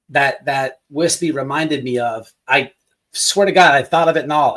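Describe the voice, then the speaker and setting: A man hosting a casual livestream, rambling and swearing as he mocks people online, sometimes slipping into a mock sales pitch. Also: fairly bright tone. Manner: rambling, profane, mocking. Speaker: livestream host.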